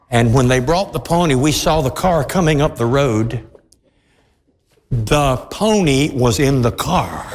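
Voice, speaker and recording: A man preaching a sermon through an animated story, acting out the voices of everyone in it. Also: medium pitch, measured pace, long reverb tail, slight background noise. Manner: animated, acts out every voice in his stories.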